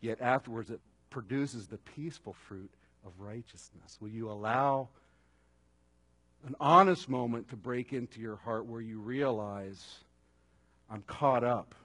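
A man preaching a sermon at an evening service, earnest, building to strong emphasis and then dropping to a hushed, intimate tone. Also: mid-range voice, unhurried, dry recording. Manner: earnest, swings between raised emphasis and quiet intimacy.

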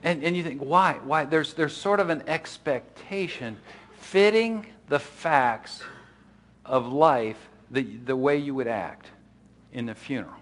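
Conversational male pastor, slightly high voice. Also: a little slow. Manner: conversational, frequent restarts and asides. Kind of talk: sermon.

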